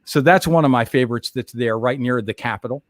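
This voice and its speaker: A man's voice: mid-range voice, a little fast, no echo. Chatty man with a dry close sound. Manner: chatty storyteller, laughs often, gives travel tips. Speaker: co-host. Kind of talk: casual livestream chat.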